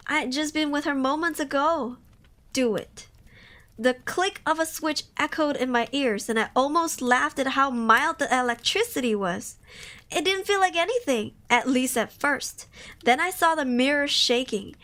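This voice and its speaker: A woman reads spooky tales aloud on a live stream in a high, bright voice. She reads in a casual way and breaks off into emotional reactions and swearing. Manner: emotional, cries and exclaims between passages. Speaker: streamer reading horror stories.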